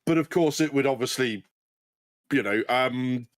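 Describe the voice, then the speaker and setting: A man's voice: mid-range voice, a little slow, dry recording. A man with an English accent co-hosting a casual livestream Q&A, rambling with lots of ums and casual swearing. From United Kingdom. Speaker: co-host.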